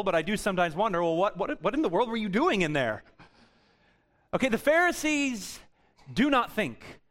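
A young man preaching a sermon, rising to loud emphasis and dropping to quiet, drawn-out words. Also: sits high. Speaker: pastor.

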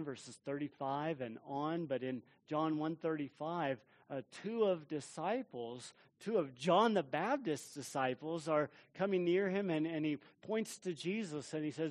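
A man preaching a sermon as pastor, animated and emphatic, repeating words for stress. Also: on the high side, a little slow, hardly any pauses. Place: church.

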